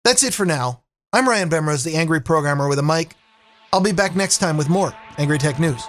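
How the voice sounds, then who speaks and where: A man's voice: on the high side, animated, a little fast. A man hosting a podcast, signing off in a wry, self-deprecating way. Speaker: podcast host. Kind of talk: podcast sign-off.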